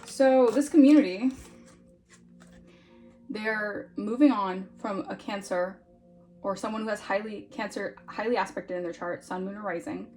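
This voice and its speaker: A woman's voice: mid-range voice, darkish tone, a little hiss or hum. A woman giving a casual tarot reading in a chatty, informal way, often checking in with "all right?". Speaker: tarot reader.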